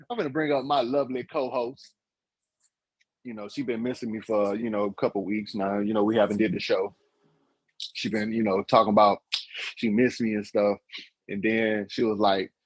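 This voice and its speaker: A man hosts a live-stream talk show, casually chatting and joking with his co-host and the chat in a husky, laid-back, medium-pitched voice. There's no echo, though the recording is rough.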